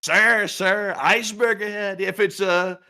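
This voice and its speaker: A bragging older politician rambles on, echoing flatterers who keep calling him sir, as a man plays him. The voice runs slightly high, with a bright, tense tone. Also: unhurried, smooth, heavily acted. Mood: boastful. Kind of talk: satirical impression on a livestream.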